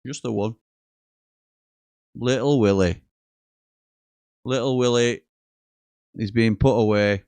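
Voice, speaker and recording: A man's voice: mid-range voice, steady tone, slow pace, long pauses, a little mellow, smooth, no room sound. A man hosting a live football watchalong, chatting casually, joking and reading out viewer messages. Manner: chatty, jokey, reads out messages and chuckles often.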